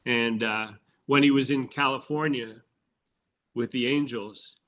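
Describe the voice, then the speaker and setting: A man's voice: mid-range voice, fairly even intonation, measured pace, fairly bright tone. An older man co-hosting a casual sports podcast, telling baseball anecdotes and laughing as he recounts them. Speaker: podcast co-host, former baseball insider.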